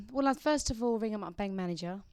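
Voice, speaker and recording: A woman's voice: medium pitch, expressive, moderate pace, a little mellow, no room sound. A young woman from England, a singer guest in a radio studio, chatting casually and laughing often.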